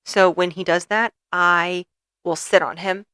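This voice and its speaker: A woman's voice: fairly low pitch, fairly even intonation, a little slow, pushed and bright, clean tone, dry recording. A young woman co-hosting a podcast in casual chat, playful and teasing as she tells stories. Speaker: podcast co-host.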